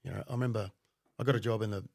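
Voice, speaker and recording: A man's voice: lowish voice, fairly even intonation, rapid-fire, a little mellow, no room sound, clean studio sound. A man with an Australian accent telling stories on a podcast in a blunt, profane way, laughing often. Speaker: podcast guest, former undercover cop. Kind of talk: casual storytelling.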